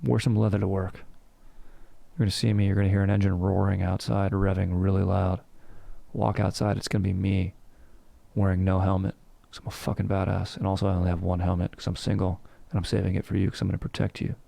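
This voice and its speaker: Man playing a swaggering biker guy, boastful come-on lines, low gravelly voice, dry close sound. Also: little pitch movement, fast, warm tone, no echo. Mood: cocky. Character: cocky single biker man flirting.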